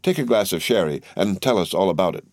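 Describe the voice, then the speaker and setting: A man's voice: sits low, expressive, fast, a little mellow, dry recording, studio quality. A man voicing a witty, flippant young male government official fond of paradoxes.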